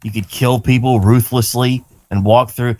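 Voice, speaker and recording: A man's voice: medium pitch, steady tone, normal speed, a little mellow, no echo. A man hosting a casual podcast, rambling and swearing, acting out little quoted lines as he riffs. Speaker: podcast host.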